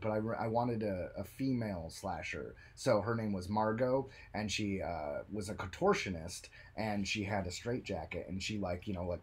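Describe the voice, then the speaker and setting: A man co-hosting a podcast, telling stories in a loose, animated way and slipping into joking voices. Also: lowish voice, husky. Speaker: podcast co-host. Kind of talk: casual chat.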